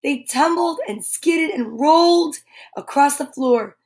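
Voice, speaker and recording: A woman reading a children's picture book aloud, expressive and dramatic, dropping to a hush at times. Her voice is high and her pace slow and deliberate. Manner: expressive, dramatic, with hushed and breathy moments. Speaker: comedian and storyteller.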